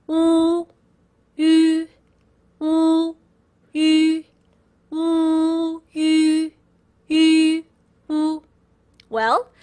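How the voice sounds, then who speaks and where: A woman teaching pinyin pronunciation, demonstrating each sound slowly and repeating syllables for learners. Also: high-pitched, a bit bright. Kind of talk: slow instructional pronunciation lesson.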